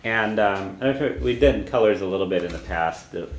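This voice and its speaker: A man's voice: fairly low pitch, brisk. A man teaching a classroom language lesson, patiently repeating phrases and quizzing his students. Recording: echoey room, faint background noise.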